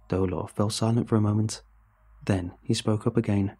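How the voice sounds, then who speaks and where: A man narrating a first-person horror story in a measured, even storytelling manner. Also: fairly low pitch, slightly rough. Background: faint music.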